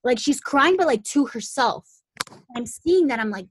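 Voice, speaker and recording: A woman's voice: sits high, animated, normal speed, a little hiss or hum. A young woman telling a long story in casual talk, full of "like" fillers, acting out the voices of the people in it. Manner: chatty, full of "like" fillers, acts out the quoted voices.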